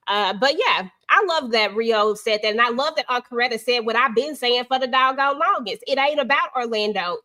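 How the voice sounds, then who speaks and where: A woman hosting a live panel over a video call, chatting casually and expressively about a TV episode in slangy speech. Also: on the high side. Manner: slangy, expressive, keeps it real. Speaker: panel host.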